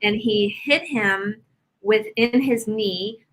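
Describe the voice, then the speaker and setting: A woman guest on an interview show, a healer, talking casually and telling stories about her clients with lively examples. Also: medium pitch, slow pace, slight background noise, poor audio. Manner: animated storyteller, explains with examples.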